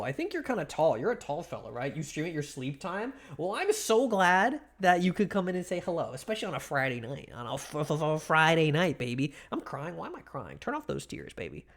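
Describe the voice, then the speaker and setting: Playful young male streamer, slightly high voice. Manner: playful, teasing, rambling with frequent restarts and laughs. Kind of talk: casual livestream chat while sculpting.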